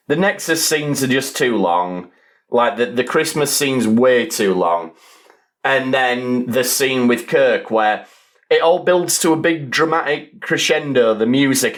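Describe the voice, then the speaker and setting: A man, hosting a casual podcast roundtable and rambling with dry asides. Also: medium pitch.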